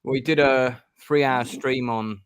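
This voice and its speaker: Hosting a gamebook stream, a middle-aged man chats loosely and rambles, leaning on ums and frequent restarts. His medium-pitched voice is steady, clear and resonant, and he speaks slowly.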